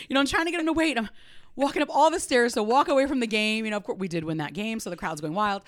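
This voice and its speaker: A woman, animatedly telling a personal story as an interview guest, quick to laugh. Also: medium pitch, lively intonation, dry recording.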